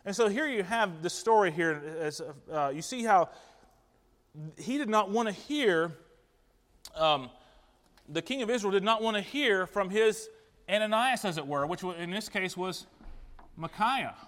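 A man's voice: high voice, lively intonation, normal speed, pauses often, a bit bright, big-room sound. A man preaching an interactive sermon in a church, asking the congregation questions in an earnest manner. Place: church sanctuary.

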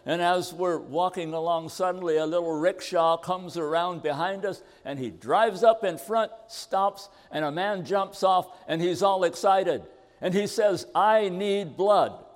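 Older preacher in a reverberant hall. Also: male voice, on the high side. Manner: earnest storytelling, slows for scripture. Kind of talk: sermon with a personal story.

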